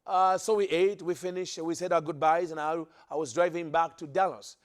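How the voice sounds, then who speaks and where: A man's voice: a little high, fairly even intonation, normal speed. A man preaching a sermon, emphatic, repeating phrases for stress and often restarting his sentences. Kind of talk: sermon teaching to a listening audience.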